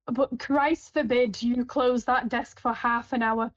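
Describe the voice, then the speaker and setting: A woman's voice: a little high, steady tone, slow, no echo. A woman working on supermarket tills, chatting casually with a rambling manner full of fillers and restarts. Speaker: supermarket till worker. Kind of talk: casual anecdotal chat. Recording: dull, lo-fi, dry.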